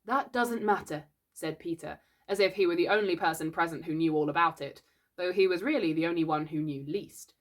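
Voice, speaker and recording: A woman's voice: lowish voice, fairly quick, close to an everyday voice. A woman reading a storybook aloud and voicing a bossy, self-assured boy who gives orders to the others. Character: bossy, boastful boy leader.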